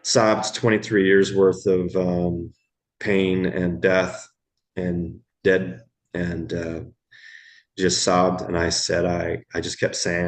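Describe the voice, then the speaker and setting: A middle-aged man, telling stories from his years as an emergency room medic in a podcast interview, slow and halting, repeating words as he goes. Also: low voice, little pitch movement. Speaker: guest, former ER medic.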